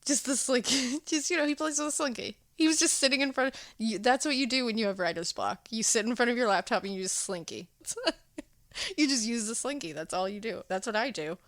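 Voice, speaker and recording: A woman co-hosting a podcast in casual chat, telling the story with animated voices and frequent laughs. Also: a little high, a little fast, dry recording, clean studio sound. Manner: animated storytelling, acts out characters, laughs often. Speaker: podcast co-host.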